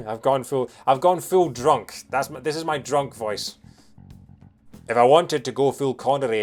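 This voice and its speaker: A man's voice: medium pitch, moderate pace, soft background music. A man casually commentating on a game as he plays, cracking jokes and puns. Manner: joking, punning, playful. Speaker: let's player.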